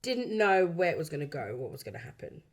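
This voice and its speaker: A London woman in her early forties, a backing singer and songwriter, telling stories from her career in a relaxed interview, acting out quoted voices and laughing often. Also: deep voice, fast talker. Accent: London English. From London, England. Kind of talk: casual chat.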